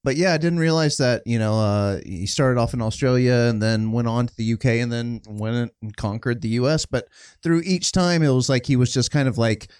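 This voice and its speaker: A man in his forties with a mid-range voice co-hosts a casual podcast. He speaks in a measured, reflective way with plenty of fillers. The close mic leaves the sound dry. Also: mid-range voice, darkish tone, smooth, no echo. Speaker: podcast co-host.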